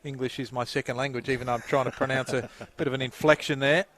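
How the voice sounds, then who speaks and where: A man's voice: medium pitch, steady tone, fairly bright tone, a little hiss or hum. An Australian man doing play-by-play football commentary through a headset, lifting his voice on the action calls. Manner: lifts and quickens on the action calls. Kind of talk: sports commentary.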